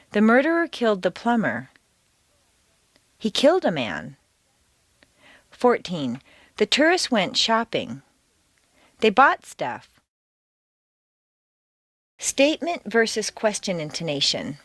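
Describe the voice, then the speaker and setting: American lady reading an accent course, big swoopy pitch, dead dry studio sound. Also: fairly bright tone, dry recording. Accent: General American. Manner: slow, deliberate, exaggerated intonation for learners to repeat. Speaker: accent teacher. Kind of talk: scripted audio lesson.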